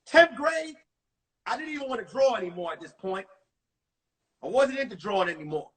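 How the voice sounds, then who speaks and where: A comedian with a very high, breathy voice tells stand-up stories from home on a live stream. He is animated and acts out the people in his stories. He sits a little way back from the phone, so his voice sounds distant. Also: normal speed. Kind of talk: stand-up storytelling.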